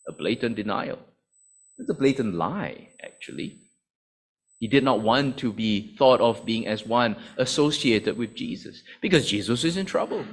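Lively-voiced man preaching. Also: mid-range voice, slightly rough. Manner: explanatory, conversational with many asides. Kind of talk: sermon.

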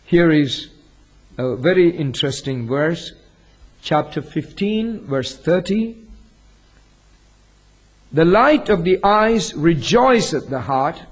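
Husky-voiced pastor preaching slowly. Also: male voice, on the high side, lively intonation, rough recording. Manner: reads scripture aloud, asks the congregation questions. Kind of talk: sermon.

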